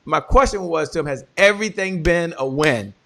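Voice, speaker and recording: A man's voice: a little high, moderate pace, vocal fry, bright, forceful tone, a little hiss or hum. A man hosting a business talk show, introducing the segment with upbeat energy. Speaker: show host.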